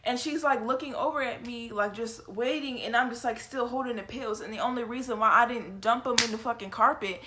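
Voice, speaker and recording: A young woman telling a story from her own life in a casual, animated and profane way. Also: on the high side, a little fast, hardly any pauses. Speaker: storytelling vlogger.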